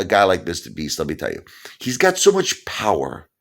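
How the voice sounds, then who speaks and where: A man in his fifties with a Brooklyn accent, ranting loudly and heatedly in a vlog monologue, breaking into shouts. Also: deep voice, huge pitch swings, fairly quick, vocal fry. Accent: Brooklyn New York. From Brooklyn, New York. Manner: loud, heated, bursts into shouting. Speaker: YouTube vlogger.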